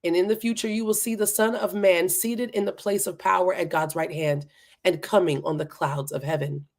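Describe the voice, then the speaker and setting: A solemn, steady teacher speaks in low, quiet, measured tones, as a woman reads his words aloud. His delivery is calm and unhurried.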